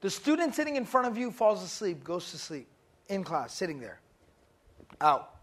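A man's voice: high voice, sing-song, normal speed, fairly bright tone. A man giving an Islamic lesson to a group, speaking casually, asking questions and acting out stories. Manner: casual, asks the audience questions, acts out stories. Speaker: religious teacher. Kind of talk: Islamic lecture to a class.

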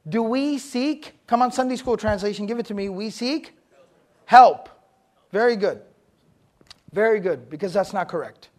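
A man giving a religious lesson to a live audience in a room. He talks in an animated way, quizzes the listeners and repeats points for emphasis. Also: high voice, moderate pace, long pauses. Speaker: Islamic teacher.

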